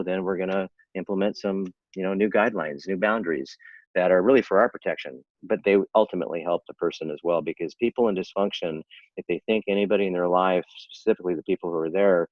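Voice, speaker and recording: Older guy, 60s, really deep voice, earnest persuasive talk, dry dull video call sound. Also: fast talker, dry recording. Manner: earnest and persuasive, with frequent restarts. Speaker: interventionist guest. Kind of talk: casual interview talk.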